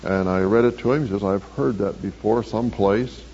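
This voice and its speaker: A man, a church counselor, telling the story of a counseling session in a measured, earnest way. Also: on the low side, dark tone, slightly rough. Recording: dull lo-fi recording with faint hiss.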